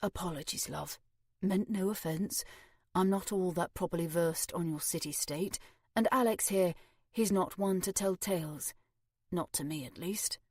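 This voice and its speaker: A woman voicing an energetic, flippant young male detective from overseas in an audiobook. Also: on the low side, normal speed, husky, no echo, clean studio sound. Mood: apologetic. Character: brash chatty young male foreign detective.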